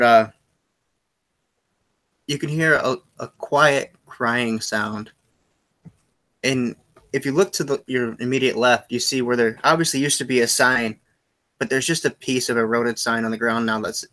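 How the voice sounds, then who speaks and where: A man running a tabletop game as game master, narrating in a halting way and often correcting himself. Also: mid-range voice, bright, forceful tone.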